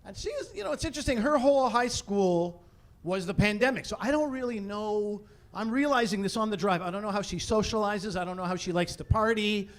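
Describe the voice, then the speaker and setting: On a theatre stage before a live audience, a man in his forties performs stand-up with a high voice. He's animated and exasperated, his punchlines rising to shouts.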